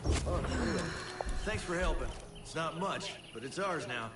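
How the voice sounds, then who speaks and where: A man's voice: on the high side, expressive, a little slow, echoey room. An actor playing a weary adult male rebel in a video game, talking in a matter-of-fact way, heard as distant game audio with heavy noise.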